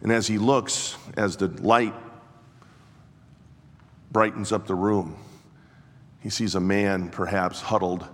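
Male preacher, slow storyteller, swells to passionate emphasis, mid-pitched voice in a hall with long reverb. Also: fairly even intonation. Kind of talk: sermon.

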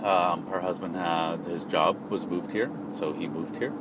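Man, low voice, casual storyteller, self-deprecating, restarts, noisy vehicle background. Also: fairly even intonation, a little slow. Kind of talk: casual personal anecdote.

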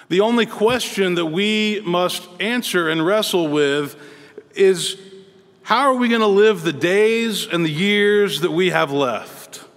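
Male pastor, high voice, earnest measured sermon delivery, recorded with long hall reverb. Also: fairly bright tone. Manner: earnest, measured preaching with pauses.

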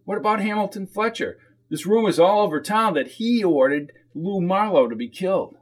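A man's voice: high voice, expressive, moderate pace, pitched above the performer's own voice. Man doing a gossipy small-town waitress. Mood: chatty.

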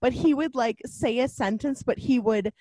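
A young woman in casual chat about a film, animated, laughing often and full of fillers. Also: a little high, normal speed, no room sound.

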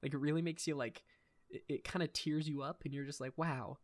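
A man's voice: fairly high pitch, fairly even intonation, fast talker. A young adult man hosting a podcast in casual chat, rambling and enthusiastic, swearing casually. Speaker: podcast host.

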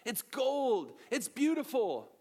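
A young man giving an energetic, joking sermon as a pastor, asking the audience questions. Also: extremely high pitch, slow pace. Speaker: youth pastor.

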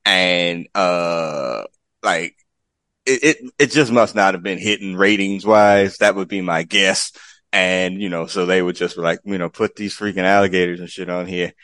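Male podcast host, low voice, dry close sound, loose rambling chat. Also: steady tone, measured pace, fairly bright tone, no echo. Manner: laid-back, rambling, with frequent fillers and laughs. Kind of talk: casual chat.

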